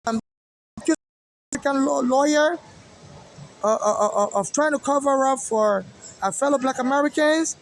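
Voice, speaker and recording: A man's voice: extremely high pitch, normal speed, creaky, long pauses, slight background noise. A man from Nigeria with a Nigerian accent, rambling in an agitated monologue with many fillers and restarts. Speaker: activist vlogger. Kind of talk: monologue to camera.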